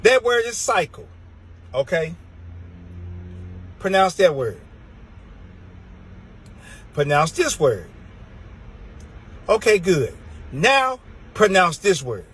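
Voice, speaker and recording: A man delivers an exasperated comic rant with a husky, slightly raspy edge. His pitch sits a little high and swings widely as he drags words out for emphasis, in a loose drawl. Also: big pitch swings, slow pace, pauses often, fairly bright tone, rough recording. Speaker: comedian. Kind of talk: comedic rant to camera.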